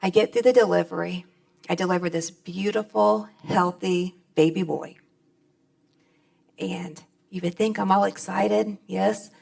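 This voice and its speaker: A woman's voice: mid-range voice, steady tone, a little slow, gravelly, darkish tone. A middle-aged woman speaking on stage at a convention, giving a plainspoken, folksy personal testimony.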